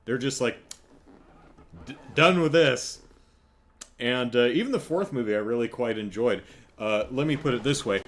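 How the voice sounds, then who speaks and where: A man's voice: mid-range voice, a little fast. A man hosting a casual solo podcast, rambling and correcting himself as he tells stories. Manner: rambling, self-correcting, animated storytelling. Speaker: podcast host.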